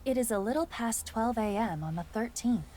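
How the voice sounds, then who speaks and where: An actress voicing a calm, analytical female AI in a video game, speaking in a matter-of-fact way. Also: fairly high pitch, normal speed, background noise, lightly acted.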